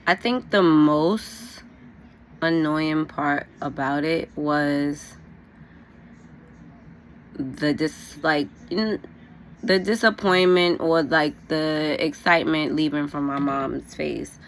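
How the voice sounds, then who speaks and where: A woman's voice: deep voice, takes it slowly, a little hiss or hum. A young woman, telling a storytime vlog while getting ready, casual and frank, full of "like" and "you know". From New York. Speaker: vlogger.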